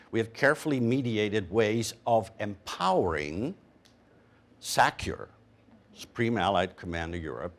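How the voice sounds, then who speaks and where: A man speaking as a panelist, measured and emphatic, pausing with fillers. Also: lowish voice. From Canada. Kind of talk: panel discussion.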